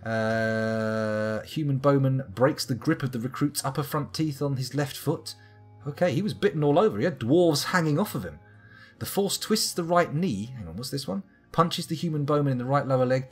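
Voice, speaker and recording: A man's voice: medium pitch, husky. A man reading combat logs aloud with wry, profane asides as he streams a game live. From United Kingdom. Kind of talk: live-streamed gameplay commentary. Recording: faint guitar music behind.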